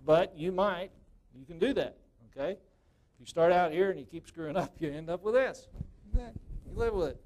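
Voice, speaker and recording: A man leads a hands-on woodturning demonstration at a club meeting. His voice sits a little high, and he talks in a loose, folksy way. He checks in with the room by asking "okay?" again and again. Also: animated, moderate pace, hardly any pauses, darkish tone, a little hiss or hum. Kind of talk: live workshop demonstration to a club.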